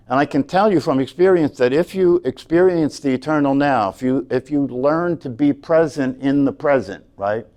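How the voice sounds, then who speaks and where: A man's voice: mid-range voice, darkish tone. Earnest man teaching a meditation class. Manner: earnest, repetitive, asks "right?" often. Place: class room.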